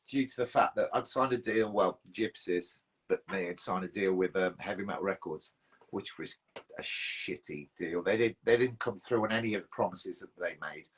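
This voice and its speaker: Husky frontman telling rambling stories. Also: lowish voice, fairly bright tone, rough recording. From England. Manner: rambling storyteller, self-mocking, swears freely. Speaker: band frontman. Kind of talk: casual chat on a livestream.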